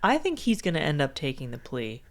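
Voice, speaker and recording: Female podcast co-host, low voice with lively swings, dry sarcastic jabs. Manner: quick, sarcastic quips. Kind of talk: casual comedic recap chat.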